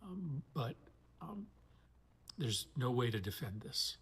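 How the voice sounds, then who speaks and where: A man, a senator, speaking earnestly and in a measured way in played-back clips. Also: mid-range voice, big pitch swings, a bit bright, slightly rough. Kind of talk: political speech in clips.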